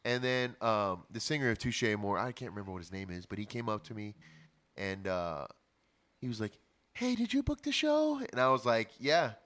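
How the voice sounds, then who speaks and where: A man's voice: lowish voice, fairly quick, fairly bright tone, clean tone. Man telling rambling show stories. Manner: rambling anecdotes with fillers and laughs. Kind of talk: casual chat, storytelling.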